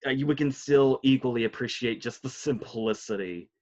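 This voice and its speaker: Male podcast co-host, mid pitch, giggly and rambling, slightly muffled lo-fi audio. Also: moderate pace. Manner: laughs often, animated and rambling. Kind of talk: casual chat about films.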